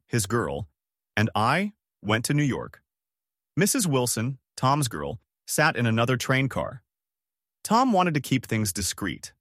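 A man's voice: on the low side, a bit bright, no echo. Male narrator for a chapter book, dry close sound. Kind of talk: storybook narration.

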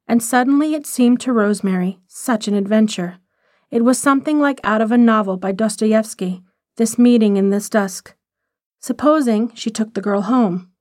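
A woman reading a short story aloud in measured, expressive scripted narration. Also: fairly high pitch, no echo, clean studio sound.

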